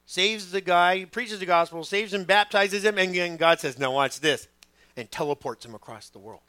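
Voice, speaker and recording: A middle-aged man preaching a sermon as pastor, telling stories with lively quoted voices. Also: sits high, moderate pace, no echo. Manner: animated storytelling, acting out quoted voices.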